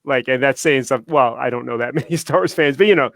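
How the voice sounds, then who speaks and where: A man's voice: mid-range voice, fast, vocal fry, fairly bright tone. A man in a band telling a casual story on a webcast, chatty and laughing often. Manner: chatty, laughing, many fillers. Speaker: band member co-hosting a webcast.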